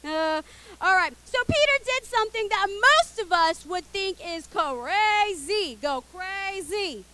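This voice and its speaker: Animated woman telling kids a Bible story. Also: extremely high pitch, measured pace, very noisy. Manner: playful, expressive, gets kids to call out and join in. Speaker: children's church teacher.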